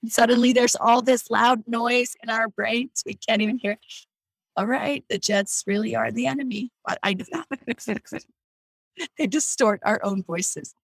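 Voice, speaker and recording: A woman with a gravelly, slightly husky voice speaks over a video call from her home. She shares her faith in an earnest, reflective way and often restarts mid-sentence. The sound is dry, with no room echo. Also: a little high, a little slow. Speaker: guest on a faith discussion call. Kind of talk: casual faith sharing. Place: home near an air base.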